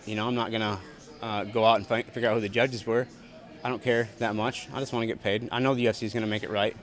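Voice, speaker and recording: After a bout, a young man who fights answers reporters in an arena's backstage press area, giving post-fight interview answers. His voice is medium-pitched and fairly bright, and he talks in a blunt, profane, repetitive manner.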